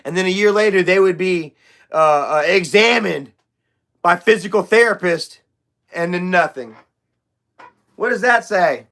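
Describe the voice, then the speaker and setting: A man's voice: high-pitched, a little slow, pauses often, fairly bright tone. A young man hosting a casual livestream chat, rambling, loose and profane, with lots of fillers. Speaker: livestream host.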